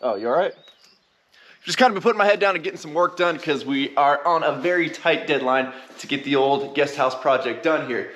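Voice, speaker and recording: A man from California talks his viewers through a guest house renovation at a brisk clip. His delivery is upbeat, loose and rambling, full of casual fillers. He sounds like a handyman vlogger filming on site with a camera mic. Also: a little high, fairly bright tone. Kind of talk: casual DIY vlog talk. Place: construction site indoors and outdoors.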